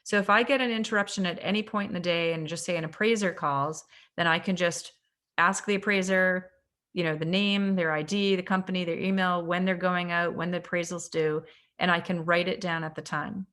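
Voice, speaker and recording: A woman's voice: fairly low pitch, fairly even intonation, a little fast, a bit bright. Canadian woman sharing work tips. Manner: conversational, asks the audience questions, frequent ums. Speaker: real estate agent. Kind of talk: casual training talk on a video call. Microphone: video call.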